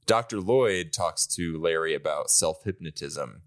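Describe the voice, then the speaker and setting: Male podcast co-host, deep and lively, laughs a lot, rambling chat. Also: a little slow. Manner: laughs often, rambling with fillers. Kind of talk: casual chat.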